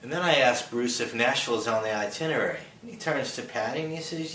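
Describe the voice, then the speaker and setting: A man's voice: medium pitch, expressive, quick pace, rough recording. A man from New Jersey telling a personal story in a wry, self-mocking way. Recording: handheld camera with loud vehicle noise.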